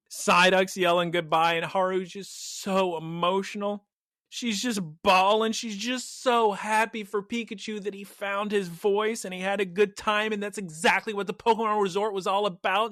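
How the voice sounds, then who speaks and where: A man hosting a podcast, retelling an episode in a lively, animated way in casual chat. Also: sits high, dry recording, studio quality. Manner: animated storytelling, voices quotes. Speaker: podcast host recapping an episode.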